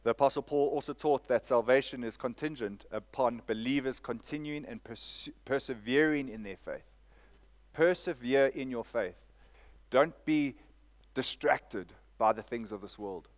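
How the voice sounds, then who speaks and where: A man's voice: mid-range voice, measured pace. A male pastor delivers a sermon. He preaches in a mid-range voice, repeating phrases for emphasis and checking in with the congregation. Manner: preaching with call-and-response "Amen?" and repetition.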